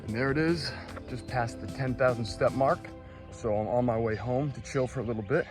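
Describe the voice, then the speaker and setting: A man's voice: mid-range voice, moderate pace. Man in his thirties, comedic vlog host, self-mocking, punchy emphasis, roomy echo, faint music. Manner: animated and self-mocking, with sudden bursts of emphasis. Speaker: vlogger.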